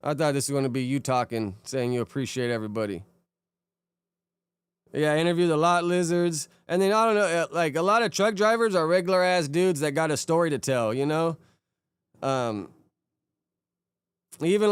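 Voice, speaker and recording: A young man streaming live, talking in a loose, rambling way and greeting chatters one by one. His voice is very smooth and clean and sits slightly high for a man. The sound is close and dry, with no room in it. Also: dry recording. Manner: laid-back, rambling, greets chatters by name. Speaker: streamer reacting to videos and chat. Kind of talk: casual live-stream chat.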